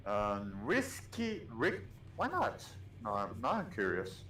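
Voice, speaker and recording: Animated man in an echoey room. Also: medium pitch, slow, a little hiss or hum. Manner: animated, reads questions aloud, stumbles on words. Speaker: co-host reading chat questions. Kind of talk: casual livestream chat.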